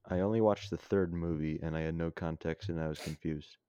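A man with a very low, dark voice reads his own story aloud in a dry, offhand way, pausing to redo flubbed lines. The sound is close and dry, and a bit dull and lo-fi. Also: steady tone, clear, resonant tone, no room sound. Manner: casual, dry, stops to retake lines. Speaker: podcast host and story reader. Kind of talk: reading a self-written story aloud.

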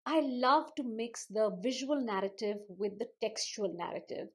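A woman storyteller explaining how she reads picture books aloud, with frequent hesitant fillers. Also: normal speed. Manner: hesitant fillers, acts out a scared boy in a higher voice. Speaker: storyteller, panelist. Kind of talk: explaining read-aloud technique.

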